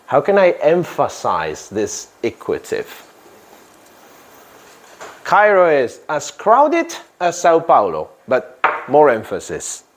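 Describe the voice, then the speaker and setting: A man teaching an English grammar lesson in a classroom, speaking deliberately, stressing key words and quizzing his students. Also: mid-range voice.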